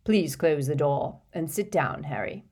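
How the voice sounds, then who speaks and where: A woman doing old wizard headmaster, male, slow measured speech, low soft voice, patient and weary. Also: big pitch swings, husky, heavily acted. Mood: calm weary.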